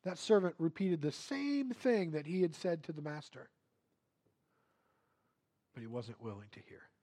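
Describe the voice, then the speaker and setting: High-voiced male preacher, dynamic delivery. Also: expressive, measured pace. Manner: dramatic swings between hushed and emphatic delivery. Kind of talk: sermon.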